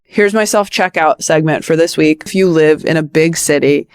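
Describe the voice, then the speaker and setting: A woman in her thirties chatting casually on a podcast, enthusiastic and quick to laugh. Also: low-pitched, a little mellow, a little hiss or hum. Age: 30s. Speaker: podcast co-host.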